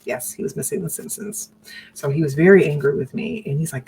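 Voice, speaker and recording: A woman's voice: low-pitched, a little fast, darkish tone, slight background noise, rough recording. A woman candidly telling her personal story on a broadcast, earnest and direct, often restarting her sentences. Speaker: survivor sharing her story.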